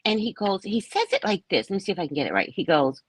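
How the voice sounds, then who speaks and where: Speaking quickly in a husky, mid-range voice, a sixty-something psychic reader chats with viewers during a live broadcast. She's animated and acts out the quotes in her stories. The recording is rough but has no echo.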